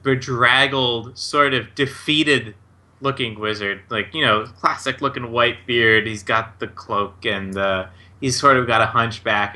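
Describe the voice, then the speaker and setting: A man acting as game master, describing the scene for his players. He talks slowly and loosely, with plenty of fillers. His voice is bright and sharp. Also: medium pitch. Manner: casual, heavy with fillers and 'like'.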